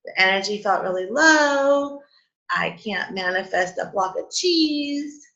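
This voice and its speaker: Emotional woman with a bright, lo-fi voice. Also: mid-range voice, animated, unhurried. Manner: emotional, laughs and near tears, many "like" fillers. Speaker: host of a spiritual coffee chat. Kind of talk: casual heartfelt talk to a live group. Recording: dull lo-fi stream audio.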